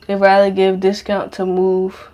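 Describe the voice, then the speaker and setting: A woman's voice: medium pitch, completely flat delivery, measured pace, darkish tone. A young adult woman hosting a podcast, rambling in a casual monologue, slangy and profane, full of fillers. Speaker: podcast host.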